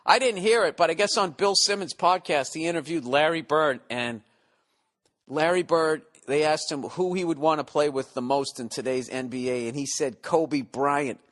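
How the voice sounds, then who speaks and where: Male comedic podcast host, forties, profane rambling rant, slightly higher pitch. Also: normal speed, a bit bright. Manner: profane, rambling, mock-exasperated.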